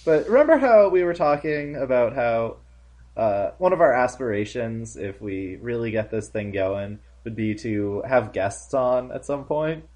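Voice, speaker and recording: A podcast co-host, a man chatting casually in an amused, joking way. His pitch moves around a lot, and he breaks into laughter often. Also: expressive, unhurried, a little mellow. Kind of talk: casual chat.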